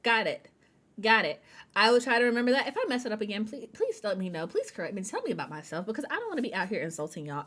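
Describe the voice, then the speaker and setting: A woman's voice: on the high side, sing-song, fast talker, fairly bright tone. A woman hosting a writing sprint livestream, wired on caffeine, chatty and hyper, laughing often and talking to her viewers as y'all. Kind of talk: casual livestream chat.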